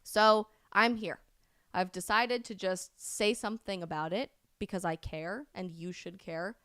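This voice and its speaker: A woman hosts a live stream, speaking in a smooth, crisp voice at a mid pitch. Her commentary is passionate and emphatic, and she often climbs to loud, indignant peaks. The sound is close and dry. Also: fairly even intonation, unhurried, no room sound. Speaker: host of a live stream show. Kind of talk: impassioned livestream commentary.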